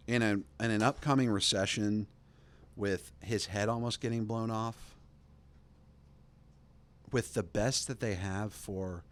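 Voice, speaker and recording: A young man hosting a podcast, ranting casually and sarcastically, rambling with lots of fillers and mocking impressions. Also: on the low side. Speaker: podcast host. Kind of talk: casual political rant.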